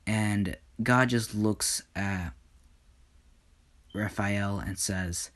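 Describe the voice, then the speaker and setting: Slow, low-voiced male storyteller. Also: a bit bright. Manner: halting, with frequent fillers and restarts. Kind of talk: casual improvised fan-story narration.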